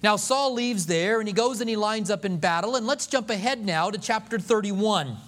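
A pastor giving a sermon, telling the story in an animated, joking way and acting out the scenes. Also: male voice, high-pitched, normal speed.

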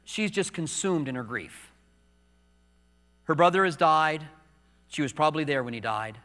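A man preaching a sermon as pastor, moving between soft, hushed confiding and raised, emphatic preaching in a church sanctuary. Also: on the high side, moderate pace, faint music behind. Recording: long reverb of a large hall.

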